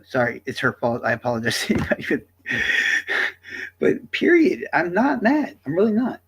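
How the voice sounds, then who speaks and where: A man's voice: on the high side, huge pitch swings, moderate pace, a little hiss or hum. A man streamer from the American South, delivering a profane, combative rant straight at his chat. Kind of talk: ranting livestream monologue.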